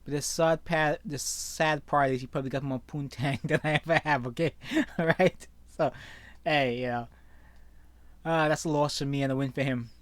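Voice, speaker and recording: A man's voice: fairly high pitch, steady tone, moderate pace, dry recording. A man commentating on news stories he reads aloud, opinionated and often tagging his sentences with "okay?". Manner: opinionated, with frequent "okay?" tags. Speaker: online commentator. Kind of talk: reading and reacting to news stories.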